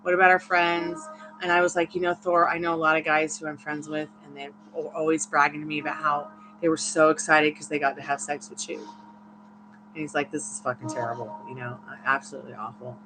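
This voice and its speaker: A woman's voice: sits low, monotone, fairly quick, over music, rough recording. A tired woman hosting a tarot livestream, telling a long personal story in a candid, rambling way with frequent laughs. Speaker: tarot reader and livestream host. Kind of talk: casual livestream chat.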